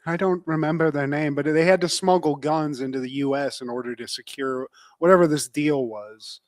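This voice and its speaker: A man on a podcast, talking in a joking, animated way with a slightly higher voice. He fires off quick asides to his co-host. The sound is dry and close, with no room echo. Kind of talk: casual recap chat.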